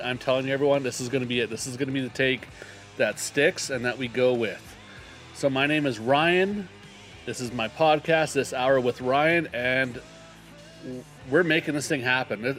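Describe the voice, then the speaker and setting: A man's voice: medium pitch, fairly bright tone. Chatty man in his thirties hosting a podcast. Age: 30s. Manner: chatty and self-deprecating, rambling with restarts. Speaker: podcast host. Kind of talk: casual solo podcast monologue.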